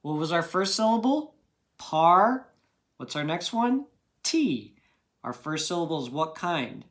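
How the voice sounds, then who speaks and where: A man's voice: a little high, big pitch swings, normal speed. A man teaching a phonics lesson to children, patient and encouraging, checking in often with "okay?".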